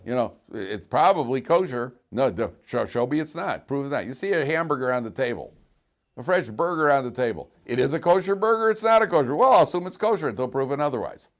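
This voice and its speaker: A man giving a lively Torah lecture as a rabbi, acting out the people in his stories with big swings in voice and many "you know" fillers. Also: fast talker. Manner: animated storyteller acting out characters with sharp jumps in pitch and loudness. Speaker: rabbi teaching a weekly Torah class.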